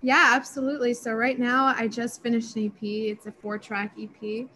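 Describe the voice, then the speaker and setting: Young woman DJ guest, fairly high voice, excitable and chatty, faint background hiss. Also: moderate pace, poor audio. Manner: chatty and excitable, many fillers. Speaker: DJ and music producer. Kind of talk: casual interview answers.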